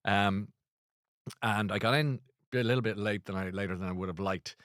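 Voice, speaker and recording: The host of a casual chat show, a man with a low, fairly bright voice, rambles in a self-deprecating way with lots of restarts at a moderate pace. The studio sound is clean, with no echo.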